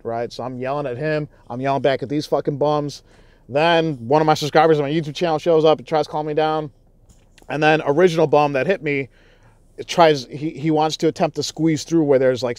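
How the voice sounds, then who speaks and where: A man telling a vlog story in a loud, heated, profane way, with frequent restarts. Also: fairly high pitch, no echo. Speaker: YouTuber. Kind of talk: casual vlog recounting.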